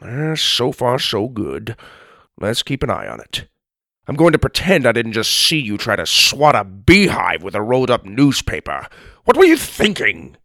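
A man voicing a gruff, deadpan old grandpa. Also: medium pitch, normal speed, no echo, full character voice. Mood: dry grumbling. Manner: dry, grumbling, sarcastic. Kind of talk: audiobook character reading.

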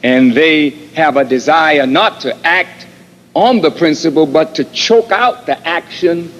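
A minister giving a sermon in slow, measured, deliberate phrases, played from an archive recording. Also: male voice, fairly high pitch, fairly bright tone. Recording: dull archival lecture audio with long hall reverb.

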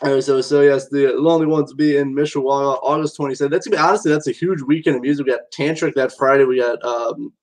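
A man hosting a radio interview show, keeping the talk loose and relaxed and laughing along with his guest. His voice sits at a middle pitch with nothing unusual about it. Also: fast talker, hardly any pauses, rough recording. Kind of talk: casual interview chat.

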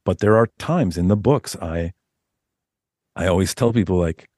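A man guest on a podcast interview, talking casually as an author, rambling and animated with many restarts. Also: low-pitched, normal speed, no echo, clean studio sound.

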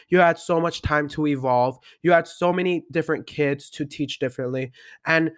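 A man's voice: fairly high pitch, normal speed, no room sound. Young male host, late teens, confessional monologue, frank and filler-heavy, dry close sound. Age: young adult. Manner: candid, repetitive fillers, blunt. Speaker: podcast host.

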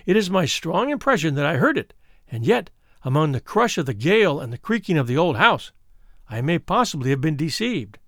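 A man reading the part of a frightened young woman who recounts her twin sister's death, in an earnest, measured storybook telling. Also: on the high side, sing-song, fairly bright tone, no room sound, clean studio sound. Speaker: audiobook reader.

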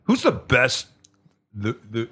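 A man's voice: medium pitch, wildly swooping pitch, takes it slowly, a bit bright, breathy edge. A man in his fifties hosting a friendly interview, asking rambling questions and reminiscing with his guest. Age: 50s. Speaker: podcast host. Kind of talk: casual interview chat.

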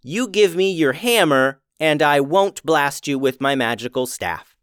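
A man's voice: on the high side, lively intonation, measured pace, fairly bright tone, clear, resonant tone, dry recording, clean studio sound. A man playing a smug, scheming male evil wizard who speaks sarcastically.

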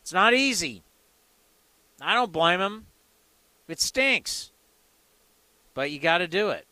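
Male sports radio host, excitable and rhetorical, high bright voice. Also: moderate pace, no echo. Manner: excitable, rhetorical questions, acts out quotes. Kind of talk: animated sports talk commentary.

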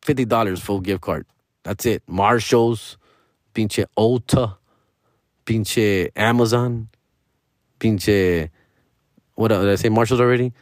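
A man ranting in casual, profane slang and dropping Spanish phrases, his pitch jumping up and down as he talks. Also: slow pace, pauses often, dry recording, studio quality. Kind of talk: casual rant.

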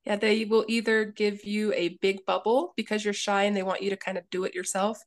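A woman's voice: medium pitch, flat delivery. A woman who runs a dog daycare, explaining training in an earnest, casual way and acting out what dogs and owners say. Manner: earnest, acts out dogs and owners in quick asides. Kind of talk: casual interview talk.

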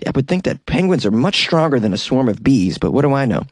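A man's voice: medium pitch, very animated, quick pace, hardly any pauses, darkish tone, slightly rough, no room sound. A man hosting a comedic news podcast, chatty and joking with wry asides. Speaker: podcast host.

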